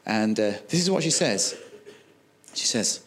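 A man preaching a sermon, telling a Bible story with animated delivery and acting out the dialogue. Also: lowish voice, unhurried.

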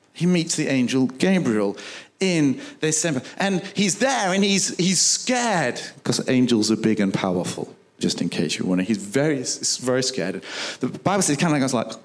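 A man preaching a sermon, telling a Bible story with animated delivery and acting out the dialogue. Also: medium pitch.

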